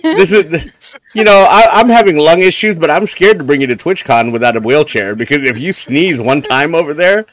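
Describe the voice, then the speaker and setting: A man's voice: a little high, animated, moderate pace, a bit bright. A man co-hosting a podcast in casual banter, joking and rambling, laughing often. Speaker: podcast co-host.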